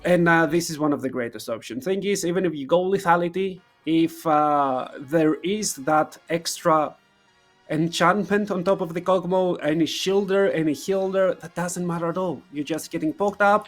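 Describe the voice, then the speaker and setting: A man's voice: fairly high pitch, moderate pace, faint music behind. A man giving live esports analysis, starting sentences over and slipping in wry jokes.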